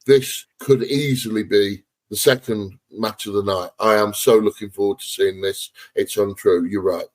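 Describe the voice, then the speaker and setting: Blunt, low-voiced man. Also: fairly even intonation, normal speed, low-quality recording. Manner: blunt, opinionated, rambling. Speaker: podcast co-host. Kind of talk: casual wrestling podcast chat.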